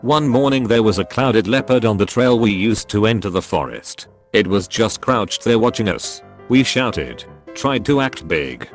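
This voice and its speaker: A man with a fairly low voice reads online stories aloud in a steady, even narration. Faint music plays softly behind him. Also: measured pace, hardly any pauses. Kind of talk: scripted narration.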